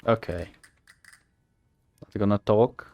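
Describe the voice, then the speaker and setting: A man's voice: lowish voice, fairly even intonation, slow, no room sound, highs cut off. A man casually narrating a game he is playing, rambling and self-deprecating. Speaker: gamer reading and playing.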